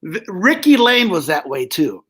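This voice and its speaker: A man, a ventriloquist guest, telling show-business stories in an animated, chatty way. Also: high-pitched, measured pace, breathy edge. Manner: animated storyteller, chuckling at old jokes. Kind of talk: casual interview chat.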